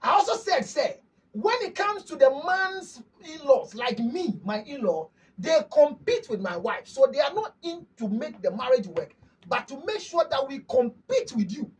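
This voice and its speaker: High, animated Ghanaian man lecturing. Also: normal speed, far from the mic, low-quality recording. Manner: emphatic, preachy, lecturing, asks rhetorical questions. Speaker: counselor and host. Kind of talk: preaching-style advice talk, mixing English and Twi.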